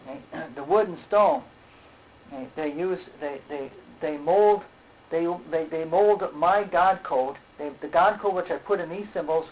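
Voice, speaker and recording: A man delivers a sermon in a halting, repetitive way, often stopping to say okay and to clear his throat. His voice sits a little high for a man. The recording is dull and lo-fi, with a faint hiss behind it. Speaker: preacher.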